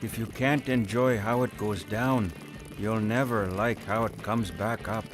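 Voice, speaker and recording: An actor playing a calm, solemn male sage in an animated sitcom. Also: on the low side, music in the background, close to an everyday voice. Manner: solemn, slow.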